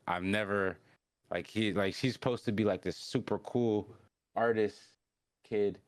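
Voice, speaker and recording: A man with a low, smooth voice casually recaps an anime episode on his podcast. He rambles along in loose slang, restarting sentences and stringing thoughts together with "like." The sound is dry and close. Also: fairly even intonation, unhurried, no echo. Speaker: podcast host.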